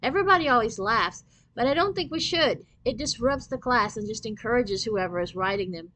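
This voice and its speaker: A woman's voice: a little high, expressive, a little fast, a bit bright. A woman reading aloud and voicing a sly, taunting sixth-grade boy. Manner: mocking, taunting.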